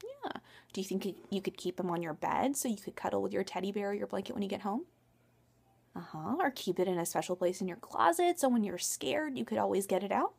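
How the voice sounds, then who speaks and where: Animated, gravelly storytime woman. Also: medium pitch, a little fast. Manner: animated, asks the young listeners questions. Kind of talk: children's storytime.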